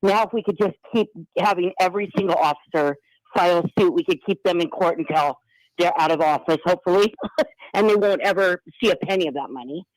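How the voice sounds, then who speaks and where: A woman's voice: fairly low pitch, fairly quick, dry recording, rough recording. A woman calling in to a talk show, chatting in a rambling way with many restarts and fillers. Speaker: caller. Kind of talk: call-in radio chat.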